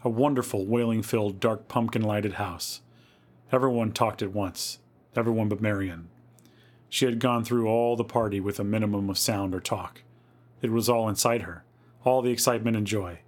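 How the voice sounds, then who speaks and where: Reading a spooky story with drama and measured care, this podcast host has a fairly low voice and a steady tone. He times his storytelling for suspense, lingering on the eerie parts.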